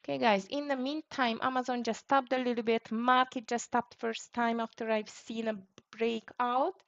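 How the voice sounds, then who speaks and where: A woman's voice: a little high, fairly even intonation, normal speed, a bit bright. Woman narrating her live stock trades. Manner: running commentary on trades, frequent fillers and sighs of disappointment. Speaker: day-trading livestream host. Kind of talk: live trading commentary. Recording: dull lo-fi stream audio.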